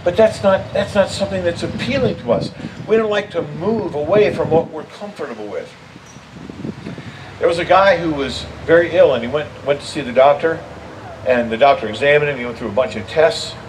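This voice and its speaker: Older pastor preaching, heard from afar. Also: male voice, a little high, brisk. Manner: earnest, building to emphatic appeals. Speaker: interim pastor. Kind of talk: sermon. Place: church sanctuary. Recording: distant mic with steady background noise.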